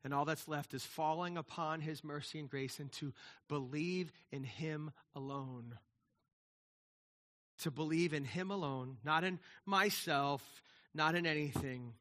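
Unhurried and a little bright, a middle-aged pastor with a voice on the high side preaches conversationally. He often says words twice, starts over, and tosses in "right?"

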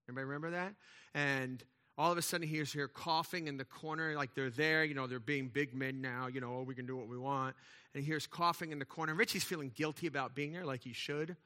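A middle-aged male pastor preaching a conversational sermon, asking the congregation rhetorical questions and swinging between loud and quiet passages. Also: on the high side.

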